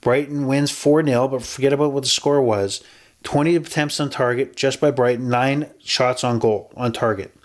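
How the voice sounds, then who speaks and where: A man's voice: medium pitch, steady tone, moderate pace. A man hosting a podcast, giving casual sports betting picks in a chatty, rambling way with frequent self-corrections. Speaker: podcast host.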